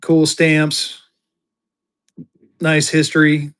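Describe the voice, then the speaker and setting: A man's voice: on the high side, completely flat delivery, very slow, a bit bright, clear, resonant tone. A man hosting a live online auction, chatty and jokey, bantering with viewers as he shows items. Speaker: livestream seller and host. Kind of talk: casual live auction selling.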